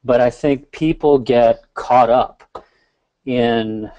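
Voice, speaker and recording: Male software-founder guest, laid-back storyteller, dry close sound. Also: mid-range voice, takes it slowly, no echo, lo-fi sound. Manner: relaxed storyteller, friendly and joking. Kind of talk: casual webinar chat.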